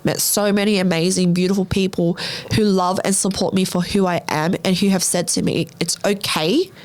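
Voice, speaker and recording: A woman's voice: on the low side, steady tone, moderate pace, darkish tone. A young Australian woman hosting a podcast, telling her own story candidly in blunt, run-on sentences full of swearing. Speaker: podcast host.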